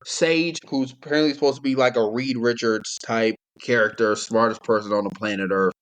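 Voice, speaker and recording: Young male podcast co-host, rambling and relaxed, mid pitch, casual chat delivery. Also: brisk. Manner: rambling, laid-back, laughs often.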